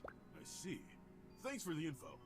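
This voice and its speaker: An actor playing a young male orc cook in a video game, earnest and good-hearted, with a lively, expressive voice. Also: on the high side, measured pace, vocal fry, heavily acted. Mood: doubtful. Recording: game audio with music behind.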